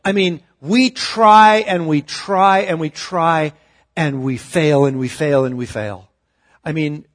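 A male pastor giving a conversational, humorous sermon, with sudden shifts between loud and soft. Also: on the high side.

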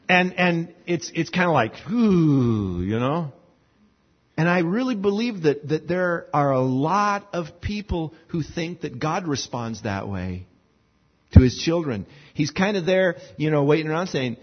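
A man preaching a conversational sermon, animated and acting out little scenes with voices. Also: on the high side, moderate pace. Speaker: pastor. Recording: muffled lo-fi sermon recording.

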